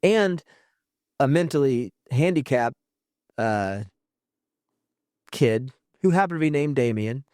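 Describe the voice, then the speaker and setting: A man tells a personal story, stopping and restarting his sentences as he goes. His voice sits at an ordinary middle pitch. It is recorded close and dry, with no room sound. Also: lively intonation, darkish tone, dry recording. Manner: halting, restarts mid-thought. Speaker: podcast host.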